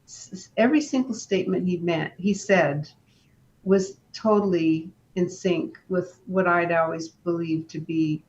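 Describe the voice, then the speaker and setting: A woman, a guest in an interview, telling a personal story in a calm, unhurried way, often stopping to restart her sentences. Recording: dull lo-fi sound with faint rumble.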